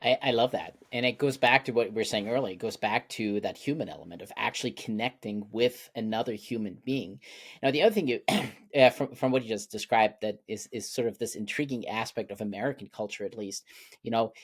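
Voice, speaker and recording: A man's voice: lowish voice, brisk, slightly rough. A man from Germany hosting an interview, asking reflective questions and repeating words as he thinks. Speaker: interview host. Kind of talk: interview conversation.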